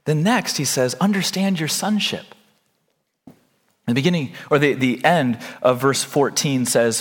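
A man's voice: mid-range voice, a little slow. A man preaching a sermon as a pastor, earnest, putting questions to his congregation.

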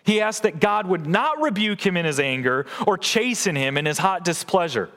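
A man's voice: high-pitched, lively intonation, normal speed, a bit bright, in a large hall. A man preaching a sermon in a church, earnest and posing questions to the congregation. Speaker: pastor. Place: church sanctuary.

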